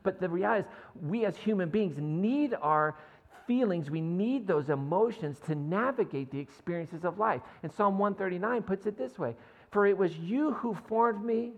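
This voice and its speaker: A man's voice: high-pitched, expressive, moderate pace, big-room sound, highs cut off. A man preaching a sermon in a conversational way, often checking in with his listeners and reading scripture aloud. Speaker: pastor. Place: church sanctuary.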